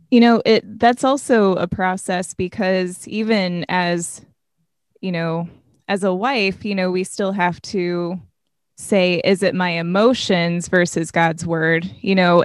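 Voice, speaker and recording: A woman's voice: on the low side, no echo, studio quality. A woman in a casual faith conversation, talking reflectively with many "you know" fillers.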